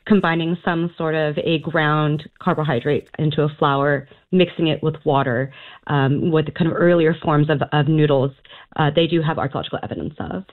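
A woman calls in to a radio show, her voice coming through a thin, tinny phone line. She speaks a little low and explains things in detail, with plenty of ums and restarts. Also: steady tone, normal speed. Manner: knowledgeable, explanatory, with frequent fillers. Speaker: food writer guest. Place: Auckland, New Zealand.

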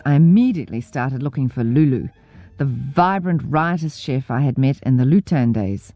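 Low, lively New woman narrating wryly. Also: normal speed, faint music behind. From New Zealand. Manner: wry, self-mocking humor. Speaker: memoir narrator. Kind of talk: scripted audiobook narration.

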